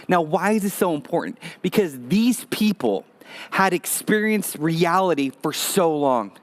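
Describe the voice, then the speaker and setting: A man preaching a sermon as pastor, telling a personal story in a lively, conversational way with touches of humor. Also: high-pitched, normal speed.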